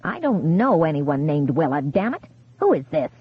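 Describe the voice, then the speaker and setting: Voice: mid-range voice, big pitch swings, normal speed, breathy edge. A reader doing a quavery frail old widow. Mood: angry, panicked. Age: older. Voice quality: weak, quavery. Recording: tinny phone-like sound.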